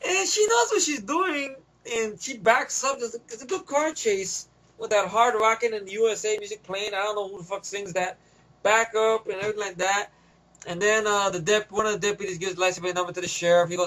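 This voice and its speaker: A man's voice: high-pitched, brisk, pushed and bright. A man giving a casual, loose movie review, swearing freely and chuckling often.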